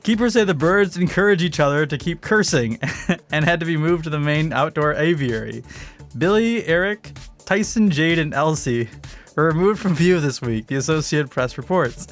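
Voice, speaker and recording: A man's voice: fairly high pitch, normal speed, soft background music. A man co-hosting a live podcast, chatting casually, telling stories and reading news, laughing often. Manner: laughs often, animated storytelling. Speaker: podcast co-host.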